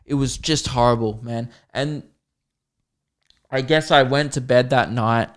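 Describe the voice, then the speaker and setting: A young man, hosting a podcast and telling a long comic story with animated, self-mocking, sweary mock-epic flair. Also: mid-range voice, measured pace. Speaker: podcast host.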